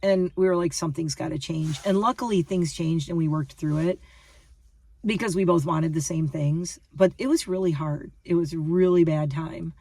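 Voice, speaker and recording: Speaking at a moderate pace in a lowish, dark voice far from the mic, a woman in her fifties rambles casually to camera. As a lifestyle vlogger addressing her viewers, she is emphatic, repeats herself and restarts her sentences often.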